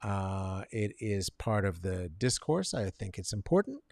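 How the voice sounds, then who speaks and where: A man hosting a comedic commentary show, rambling and sarcastic, swinging between mumbled asides and loud outbursts and talking to viewers by name. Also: fairly low pitch, big pitch swings, measured pace, creaky, no room sound. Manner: talks to chat viewers by name. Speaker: show host.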